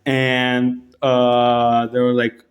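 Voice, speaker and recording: A man's voice: mid-range voice, monotone. Rambling, profane man telling a story. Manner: rambling, profane, halting restarts. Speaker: vlogger. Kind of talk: casual storytelling.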